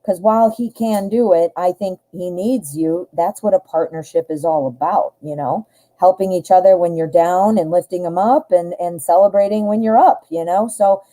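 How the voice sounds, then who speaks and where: A middle-aged woman hosts a live-stream tarot reading in a chatty, easygoing way, talking straight to her viewers. Her voice is very dark and mellow and sits a little low, and she often laughs at her own jokes. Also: normal speed, low-quality recording.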